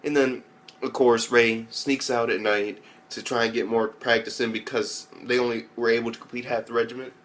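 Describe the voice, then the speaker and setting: Young man, anime reviewer, casual rambling recap, heavy swearing, mid-pitched voice, jumps into loud character impressions. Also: level tone, normal speed. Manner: rambling, loose, swears a lot, mimics characters in raised voices.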